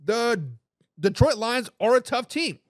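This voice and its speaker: This sports talk show host, a man with a high-pitched voice, runs a live football program in a casual, very animated style. He reads viewers' comments out loud, often restarting phrases and tossing in slangy catchphrases, with an expressive delivery at a measured pace. The audio is dry and close, without any room echo.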